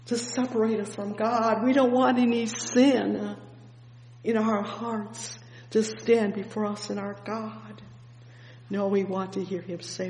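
Woman preacher, unhurried fervent sermon, mid pitch, echoey hall and faint hum. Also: little pitch movement. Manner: punctuates with "oh, yes" and "praise the Lord", swings between loud and hushed.

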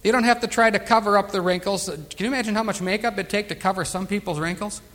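A man with a high voice leads a Bible study in a church room, with a long reverb trailing his words. He reads scripture slowly and forcefully, then drops into a chatty aside with an easy chuckle. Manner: reads scripture slowly and loudly, chats and chuckles between verses. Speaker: pastor leading a Bible study. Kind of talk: conversational sermon and scripture reading.

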